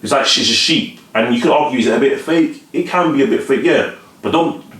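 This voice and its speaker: A man talks straight to the camera in a loose, conversational flow, circling back over his words and checking that you're with him. His voice has a middle pitch for a man. The room around him is echoey. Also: fairly quick, a bit bright. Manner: conversational, often asks the listener whether they follow; repeats and restarts words while talking. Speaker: vlogger giving life advice. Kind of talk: casual motivational monologue to camera.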